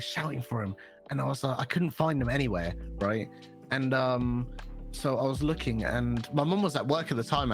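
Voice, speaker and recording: A young man co-hosting a podcast, rambling through a story in casual chat and swearing freely. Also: mid-range voice. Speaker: podcast co-host.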